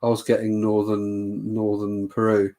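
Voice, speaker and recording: A man's voice: lowish voice, completely flat delivery, a little slow, dark tone. A man co-hosting a casual chat, dropping short, dry, teasing remarks. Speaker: co-host.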